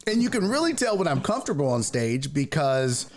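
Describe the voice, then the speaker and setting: Comedic male host, lively and loose, swears freely, faint noise underneath. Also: fairly high pitch, fairly quick. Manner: laughing, animated, swears freely. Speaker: podcast host and stand-up comedian. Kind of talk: casual interview chat.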